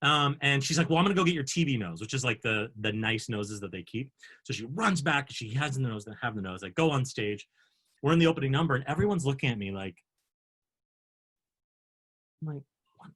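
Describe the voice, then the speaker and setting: A man's voice: medium pitch, a little fast. Man telling a self-mocking story. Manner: animated, self-mocking anecdote with acted-out quotes. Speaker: panel host, actor. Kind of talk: casual storytelling on a video panel. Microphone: video call.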